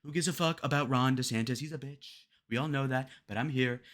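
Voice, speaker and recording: A man's voice: mid-range voice, a little fast, a bit bright, lightly acted. A man putting on a brash, boastful male politician who brushes off rivals and repeats big promises in crude, blustering lines.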